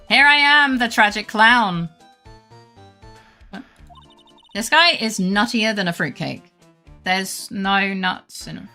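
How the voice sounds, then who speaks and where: A woman's voice: mid-range voice, creaky, bright, forceful tone. A woman streamer giving playful, sarcastic commentary on a game, cursing casually.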